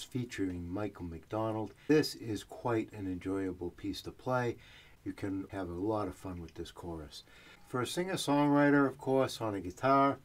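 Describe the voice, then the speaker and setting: A man giving a relaxed, explanatory guitar lesson, talking through chords as he plays and humming the melody. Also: lowish voice. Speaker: guitar teacher. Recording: guitar playing behind the voice.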